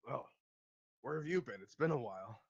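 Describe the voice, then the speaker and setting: A man voicing an older barbarian father who stays calm and thinks aloud, on a slightly muffled recording. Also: mid-range voice, slightly rough. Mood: concerned. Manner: measured, thoughtful.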